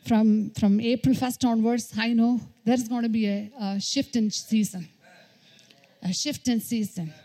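Woman preacher, repeats herself, lots of hallelujahs, warm tone. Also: fairly high pitch, fairly even intonation, measured pace. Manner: repetitive exhortation, frequent hallelujahs. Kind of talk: sermon.

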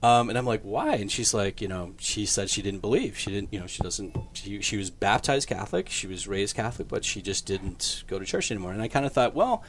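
A man in his fifties with a lowish voice tells his own conversion story as a priest guest on a radio show. He talks earnestly, in a loose and conversational way, pausing on fillers, and there is a faint hiss behind him.

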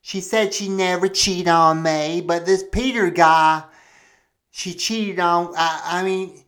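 A jealous, paranoid husband, played by a man, rants with indignation and lets curses fly as he airs his grievances. He talks at an unhurried, dragging pace. Every suspicion comes out sounding like proof. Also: high-pitched, fairly even intonation, a bit bright. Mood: aggrieved. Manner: cursing, ranting, indignant. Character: jealous, profane, paranoid middle-aged husband. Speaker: podcast pastor host. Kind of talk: comedic monologue performed in character.

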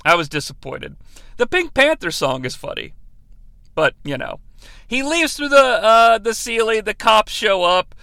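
Male podcast host, comedic movie review; high, bright, dry-sounding voice. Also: a little slow, gravelly, no echo. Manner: animated, profane, jokey.

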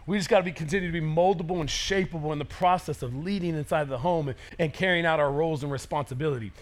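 A man in his thirties preaching a sermon as pastor, energetic and conversational, acting out quotes. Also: on the high side, fast talker.

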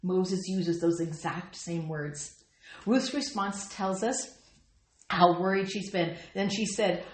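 A woman's voice: lowish voice, slow pace, reverberant. A woman teaching a Bible study, earnestly reading and explaining scripture with feeling. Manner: earnest and expressive, reads scripture aloud with feeling.

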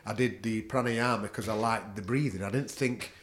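A man's voice: fairly low pitch, normal speed, a little hiss or hum. A middle-aged man with a Northern English accent, a podcast guest talking bluntly and swearing freely in casual chat. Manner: blunt, swears freely, laughs at own stories. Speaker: podcast guest, jiu-jitsu practitioner. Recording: echoey room.

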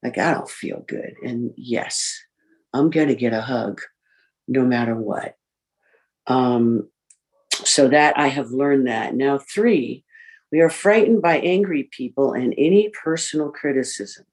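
A woman giving a candid personal share in a recovery group, reflective and pausing often with fillers. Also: very deep voice, a little mellow. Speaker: speaker sharing in a recovery group. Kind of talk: personal recovery share, reading list points.

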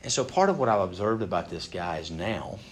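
A man preaching a sermon in a conversational way, swinging from loud, pressing emphasis to hushed, near-whispered asides. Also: low-pitched, animated, a little fast, slight background noise. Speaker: pastor.

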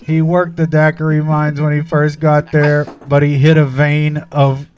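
Slow, deadpan man over noise. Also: fairly high pitch. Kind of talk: casual comedic banter.

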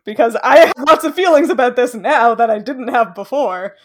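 A woman's voice: a little high, expressive, normal speed. Chatty young Canadian woman explaining. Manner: chatty, explains at length, laughs often. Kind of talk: casual chat.

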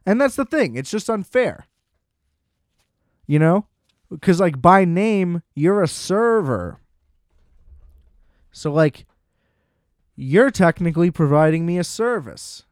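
A man's voice: high voice, sing-song, slow pace, long pauses, no room sound, clean studio sound. A young man in casual chat, ranting with profanity and sarcasm and mocking other people in put-on voices.

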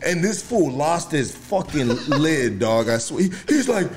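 A man, telling stories loudly in slangy casual chat as a podcast co-host. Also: a little high, measured pace, noisy background. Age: 40s. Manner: loud, slangy storytelling, animated.

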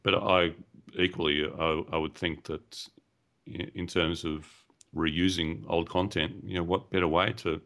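A man's voice: low voice, little pitch movement, measured pace, fairly bright tone. A man, co-hosting a casual gaming podcast, rambling and hesitant with many fillers. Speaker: podcast co-host.

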